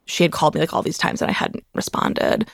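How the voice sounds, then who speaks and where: A memoir author, appearing as an interview guest, talks fast as she candidly recounts a painful personal story, emotional and conversational, with frequent "like" fillers. The recording is clean studio sound with no echo.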